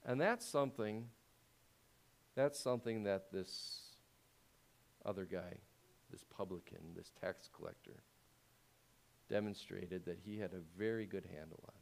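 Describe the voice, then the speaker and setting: His voice creaky and his pace measured with long pauses, the pastor preaches conversationally and asks the congregation rhetorical questions. He rises in volume and pitch to push his points.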